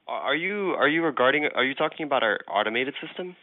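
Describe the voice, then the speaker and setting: A man's voice: mid-range voice, lively intonation, fast talker. Hesitant man answering a hospital phone. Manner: hesitant, confused. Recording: tinny phone line.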